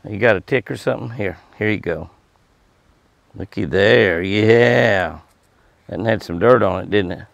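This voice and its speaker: A man's voice: lowish voice, a little slow, creaky, dry recording. A man talking casually to deer on his ranch, coaxing them in and chatting to viewers in a folksy way. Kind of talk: casual talk to animals and viewers. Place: outdoors at a deer pen.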